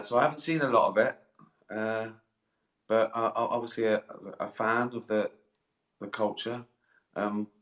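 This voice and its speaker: A man's voice: lowish voice, sharp tone. A middle-aged man chatting casually on a live stream, rambling, swearing freely and poking fun at himself. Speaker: comedian answering fan questions. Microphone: webcam or phone mic. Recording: echoey room.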